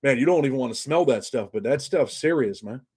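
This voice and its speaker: A man's voice: medium pitch, expressive, a little fast, a little mellow, slightly rough. A man hosting a casual livestream, talking bluntly in street slang. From New York. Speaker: channel host.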